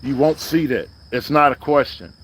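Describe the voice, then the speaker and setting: A man's voice: mid-range voice, moderate pace, fairly bright tone. A man hosting a livestream in loose, rambling casual talk, sometimes repeating a slogan like a chant. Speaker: livestream host.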